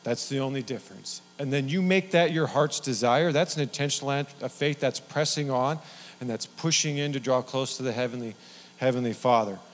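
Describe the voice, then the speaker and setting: A man's voice: medium pitch, brisk. A middle-aged man preaching a sermon in a folksy, rambling way, with many restarts. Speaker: pastor. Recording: long hall reverb.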